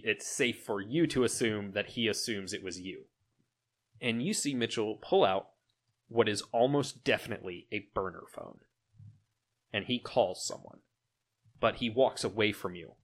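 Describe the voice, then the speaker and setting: A man with a lowish voice runs a tabletop role-playing game as game master. He narrates in a relaxed, halting way, full of fillers and restarts.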